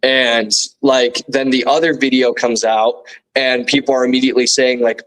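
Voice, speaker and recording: A young man as an interview guest, recounting what he saw in a halting, casual way with many fillers and restarts. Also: medium pitch, flat delivery, fairly bright tone, rough recording. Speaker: guest eyewitness.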